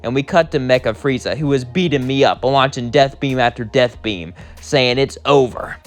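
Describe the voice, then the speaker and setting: A man's voice: mid-range voice, normal speed, soft background music. A young man narrating a fan story in a casual, chatty way. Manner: casual, chatty, often quiet.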